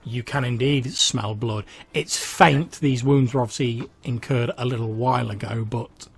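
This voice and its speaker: Gravelly game master narrating. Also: male voice, medium pitch, steady tone. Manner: descriptive, measured narration.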